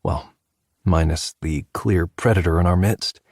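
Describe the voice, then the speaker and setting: A man narrating a sci-fi audiobook in first person, measured and even. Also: deep voice, husky, no room sound, studio quality.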